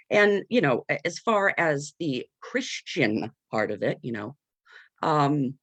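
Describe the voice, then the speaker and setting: A panel speaker in an unscripted discussion who talks earnestly and haltingly, searching for words with many fillers and nervous laughs, heard over a video call. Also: medium pitch, very animated, fairly bright tone, no echo.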